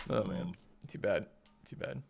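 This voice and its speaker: A man's voice: sits low, creaky, a little hiss or hum. A man hosting and playing a tabletop game, playful and wry. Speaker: host and player. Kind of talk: casual tabletop play.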